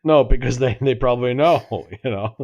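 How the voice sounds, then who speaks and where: Casually rambling through a long story, a man in his forties who co-hosts a podcast keeps interrupting himself and laughing at his own account. His voice is medium-pitched and slightly mellow at a moderate pace, in a muffled recording.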